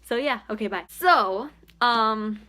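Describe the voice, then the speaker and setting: A young woman casually reviewing a book in a vlog, chatty and animated, with plenty of fillers. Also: a little high, slow pace.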